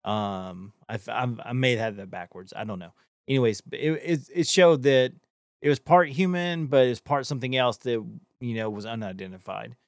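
A man's voice: mid-range voice, normal speed, no room sound, clean studio sound. A man chatting casually as a podcast co-host, rambling with many fillers and restarts. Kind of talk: casual chat.

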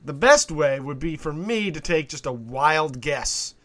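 A man co-hosting a comedy podcast about monsters, trading playful deadpan jokes in casual banter. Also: fairly high pitch, measured pace. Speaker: co-host.

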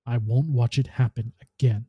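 A man's voice: medium pitch, steady tone, moderate pace, husky, dry recording, muffled recording. A man reading the lines of a frightened, furious female robot who speaks in a tense, accusing way.

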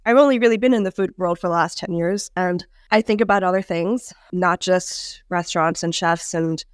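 A woman who works as a chef and food writer, telling a story in casual conversation, filling her talk with "like" and animated asides. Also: on the low side, moderate pace, clean tone, no echo, clean studio sound.

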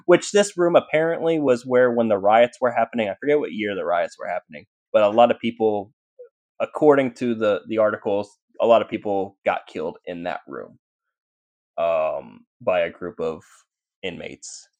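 As a guest on a podcast, a man who investigates the paranormal tells his stories casually, wandering off with fillers and restarts. His lowish voice is a little mellow, at normal speed, and the sound is lo-fi.

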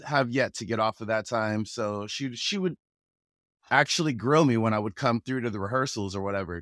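A man's voice: mid-range voice, dry recording. Laid-back storytelling man, dry sound. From Pacific Northwest, USA. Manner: relaxed, chuckles often, acts out quoted voices. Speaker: guest, rapper and actor. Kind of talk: casual conversational storytelling.

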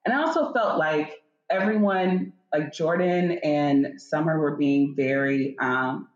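Low-voiced woman host, roomy dull mic. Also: slow, faint music behind. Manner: reads notes as numbered audit points, playful. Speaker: podcast co-host. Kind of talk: casual reality-TV recap chat. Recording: dull, roomy mic after technical difficulties.

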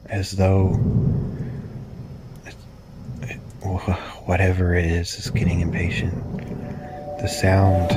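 A man slowly narrating a spooky true story, drawn out and hushed at moments. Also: low-pitched, very noisy.

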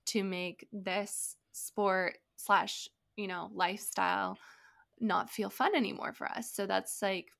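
Woman podcast co-host, slight gravel, chatty storyteller, lots of "like". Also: mid-range voice, slow. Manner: animated storytelling, many "like" fillers. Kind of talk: casual conversation.

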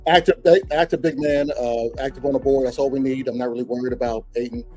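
Man with a dark, mellow voice and mid-range pitch, laid-back and rambling, faint music behind. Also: steady tone. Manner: unhurried, rambling with fillers. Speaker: podcast co-host. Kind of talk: casual sports talk.

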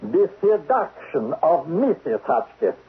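A menacing foreign spy chief. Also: male voice, on the high side, sing-song, slow pace, slightly rough, heavily acted. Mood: cold. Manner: clipped, coldly menacing. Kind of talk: 1970s radio drama acting. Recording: dull lo-fi radio broadcast.

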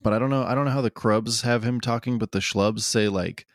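A man's voice: medium pitch, fairly quick, no room sound, clean studio sound. A young man co-hosting a podcast in casual chat, jokey and given to acting out quotes in silly voices. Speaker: podcast co-host.

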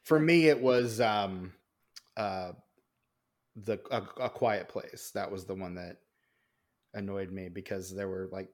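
A man's voice: low-pitched, takes it slowly, pauses often. A man co-hosting a movie podcast, chatting casually and reading out production notes, often hesitating and restarting his sentences. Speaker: podcast co-host.

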